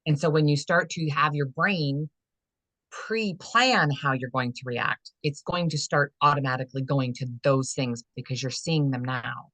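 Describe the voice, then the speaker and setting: A woman's voice: low-pitched, normal speed, fairly bright tone, no room sound. A woman holistic fitness and life coach, a guest in a conversational podcast interview, talking earnestly in a rambling way with many fillers. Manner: rambling and earnest, many "you know" fillers, acts out inner dialogue.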